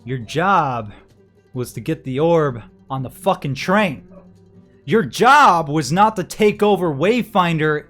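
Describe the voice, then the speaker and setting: A man voicing an angry, foul-mouthed frontier enforcer in a tabletop game, loud and exasperated. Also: mid-range voice, animated, slow pace, soft background music. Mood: angry, threatening. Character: tough male gang boss's enforcer, angry, profane.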